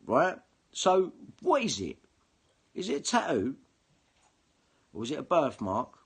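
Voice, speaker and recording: With a gravelly, husky voice pitched fairly high, this man swings wildly in pitch yet keeps a measured pace. As an online video commentator, he rants furiously to camera, swearing heavily, combative and prone to repeating himself.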